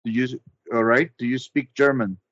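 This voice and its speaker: A man narrating as game master of a tabletop game over an online call, measured and hesitant, with frequent ums. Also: medium pitch, steady tone, a bit bright, dry recording, muffled recording.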